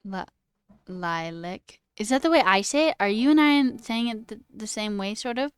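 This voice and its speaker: A woman's voice: a little high, a little fast, clear, resonant tone, no echo. A woman streamer in casual, playful live chat, musing aloud and answering her viewers. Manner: playful and chatty, musing aloud over word sounds. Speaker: livestreamer.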